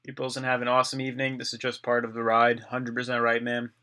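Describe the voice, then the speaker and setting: A man's voice: medium pitch, completely flat delivery, fast, sharp tone, clean tone. Chatty man hosting a live stream. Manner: chatty, reads viewer comments aloud and replies. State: voice getting dry and parched. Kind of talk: casual live stream chat reading comments.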